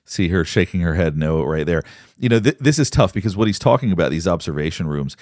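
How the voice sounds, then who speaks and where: A man, a psychologist, giving measured, explanatory commentary on court footage. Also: sits low, lively intonation, a little mellow, no room sound. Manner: explanatory, measured, pauses to point things out. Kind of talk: analytical commentary.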